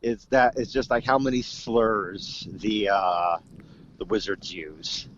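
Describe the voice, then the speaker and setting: A man's voice: lowish voice, takes it slowly, a little hiss or hum. A man co-hosting a podcast in casual chat, rambling with many restarts. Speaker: podcast co-host. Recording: dull, dry lo-fi mic.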